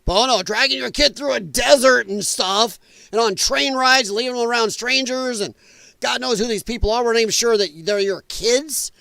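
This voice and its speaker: A man's voice: extremely high pitch, moderate pace, creaky, bright, forceful tone, no room sound. A man hosting a political podcast, giving blunt, indignant commentary and swearing freely. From United States. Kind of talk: opinionated livestream commentary.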